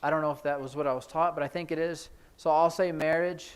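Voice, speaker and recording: A man leads a relaxed sign language lesson, chatting his way through each sign. His speaking voice sits a little higher than most men's. He talks informally and often pauses on fillers as he demonstrates. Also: a little hiss or hum. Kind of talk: casual classroom teaching. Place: church classroom.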